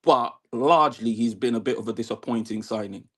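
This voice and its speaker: A man calling in to a fan show, talking football in a level-headed, measured way. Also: medium pitch, a bit bright, breathy edge. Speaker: caller. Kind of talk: casual football chat.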